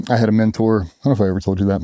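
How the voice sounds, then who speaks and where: A man's voice: on the low side, fairly even intonation, racing, warm tone, no room sound, clean studio sound. A middle-aged man, a former special operations sailor, telling blunt and profane stories in a casual interview. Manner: blunt, profane storytelling with acted-out quotes.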